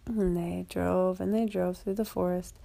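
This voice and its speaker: Woman with a low, gravelly storytelling voice. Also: fairly even intonation, measured pace, mellow. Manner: rambling, with fillers and restarts. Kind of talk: improvised children's story narration.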